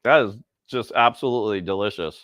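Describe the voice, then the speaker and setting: A man's voice: fairly low pitch, a little fast, a bit bright, no room sound, clean studio sound. A man hosting a casual cooking livestream, chatting and rambling to his viewers while he cooks outdoors. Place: outdoors by a pizza oven.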